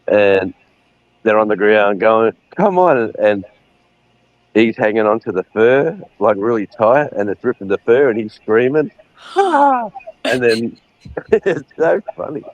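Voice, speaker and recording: A man's voice: fairly low pitch, a little slow, no echo, lo-fi sound. A middle-aged man, chatting casually on a livestream and retelling scenes with laughs. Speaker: livestream co-host. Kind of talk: casual chat.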